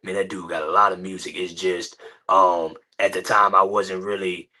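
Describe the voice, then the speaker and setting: A young man talking casually as a guest on an interview show, laid-back and halting with many fillers. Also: deep voice, level tone, bright, forceful tone. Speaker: guest, son of a late rapper.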